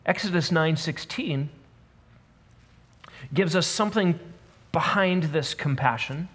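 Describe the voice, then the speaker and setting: A man delivers a sermon in a slightly raised voice, reading scripture and pressing his points with measured repetition. His voice rings out with a long reverb, as if filling a church hall. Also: a little high, a bit bright, husky. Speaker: preacher.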